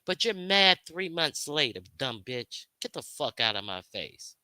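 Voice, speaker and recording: A bright, sharp-toned woman delivers a confrontational, expletive-laden rant to her livestream audience. She circles back over the same points and hurls questions at her detractors, all in a close, dry-sounding recording. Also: low-pitched, big pitch swings, measured pace, dry recording. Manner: confrontational, profane, repetitive. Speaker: livestream host. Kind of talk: heated unscripted rant to viewers.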